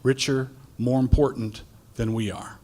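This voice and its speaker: A middle-aged male pastor giving a deliberate, halting answer in a debate. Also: medium pitch, steady tone, a little mellow.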